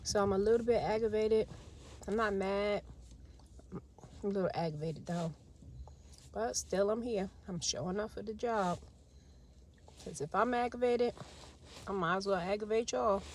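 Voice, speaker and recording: A woman's voice: medium pitch, moderate pace, pauses often, darkish tone. Woman in her 40s venting on a phone vlog from her car, faint hum behind her. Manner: chatty, venting, talks straight to viewers. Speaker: vlogger. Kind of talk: casual vlog chat. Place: in her car stuck in traffic.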